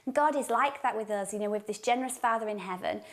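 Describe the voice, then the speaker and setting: A woman's voice: medium pitch, fast. A woman, co-hosting a faith-based parenting show, speaking affirmingly about faith and raising children. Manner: affirming, gently preaching. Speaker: co-host.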